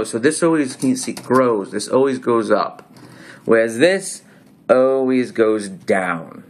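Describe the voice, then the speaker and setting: A man casually explaining coins he holds up to the camera, talking in a put-on accent with a loose, rambling delivery that keeps breaking off and restarting. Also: mid-range voice. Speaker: video host.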